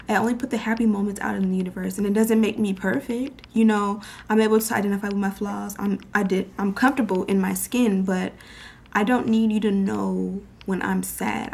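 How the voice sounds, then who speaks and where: A woman's voice: mid-range voice, vocal fry. A young woman talking candidly to her camera in a personal vlog, rambling and heartfelt, with lots of "you know" and "um". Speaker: vlogger. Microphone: camera mic. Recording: faint background noise.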